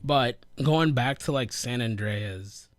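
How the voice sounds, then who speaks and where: A man's voice: mid-range voice, slow, dry recording. Laid-back young man, dry close sound. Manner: laid-back, says "like" and "dude" a lot, laughs often. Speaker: podcast co-host. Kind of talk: casual gaming podcast chat.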